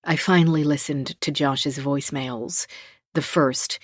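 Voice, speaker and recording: Measured woman narrating a thriller audiobook. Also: sits low, fairly even intonation, dry recording, clean studio sound. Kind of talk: first-person thriller narration. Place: dry recording booth. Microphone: close studio mic.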